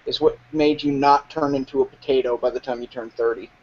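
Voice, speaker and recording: A man's voice: medium pitch, steady tone, fairly quick, a little mellow. A man making wry, teasing remarks in a casual live chat. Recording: muffled call with faint noise.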